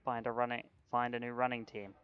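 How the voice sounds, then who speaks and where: Casual male game master narrating a tabletop session, mid-pitched, dull lo-fi sound. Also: little pitch movement, brisk, clear, resonant tone. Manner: casual, with restarts and fillers.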